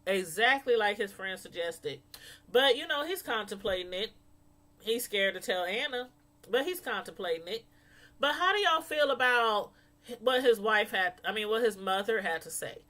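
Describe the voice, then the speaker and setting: Chatty bright-voiced woman vlogger. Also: mid-range voice, expressive, normal speed. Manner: chatty, laughs a lot, mimics people in quotes. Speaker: vlogger reviewing a reality show. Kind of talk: casual chat to viewers.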